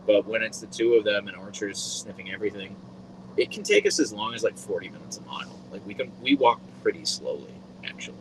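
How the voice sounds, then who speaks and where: A man hosting a casual live stream, rambling in a friendly way with lots of fillers, speaking into a boom mic. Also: lively intonation, fairly quick, a little hiss or hum, low-quality recording. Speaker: livestream host.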